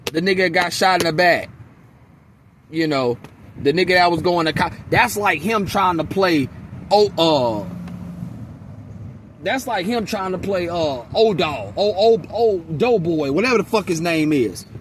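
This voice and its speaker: A man giving a casual movie reaction, ranting in a profane, animated, rambling way. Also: high voice, measured pace, slight background noise. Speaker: movie reviewer.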